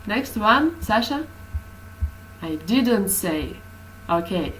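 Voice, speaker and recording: A woman's voice: mid-range voice, sing-song, extremely slow, a bit bright, slight background noise, rough recording. A woman teaching a class, explaining hesitantly with many fillers.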